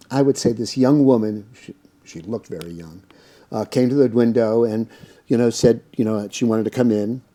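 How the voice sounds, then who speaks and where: A man's voice: medium pitch, warm tone. A middle-aged American man, an interview guest who tells long anecdotes in a casual, rambling way, full of fillers and acted-out quotes. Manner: anecdotal, lots of fillers, acts out quoted dialogue. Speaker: interview guest, cannabis business owner.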